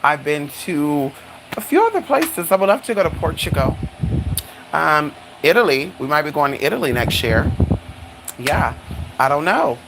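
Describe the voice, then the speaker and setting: Flamboyant streamer, sassy and chatty, mid-pitched voice, faint hiss behind. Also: very animated, moderate pace. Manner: sassy and flamboyant, calls listeners honey and girl; swoops high for dramatic exclamations. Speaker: livestreamer. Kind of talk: casual live-stream chat.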